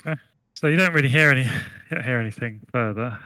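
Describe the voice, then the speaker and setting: A man's voice: mid-range voice, sharp tone, dry recording, poor audio. A man narrating as game master in a tabletop game, casual and joking. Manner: casual, joking, quick asides.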